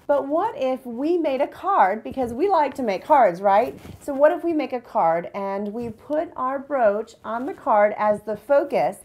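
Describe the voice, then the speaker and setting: A woman's voice: high-pitched, animated, a little slow, hardly any pauses, a little mellow. A woman hosting a card-making tutorial, bubbly and enthusiastic, chatting to her viewers. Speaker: crafting channel host.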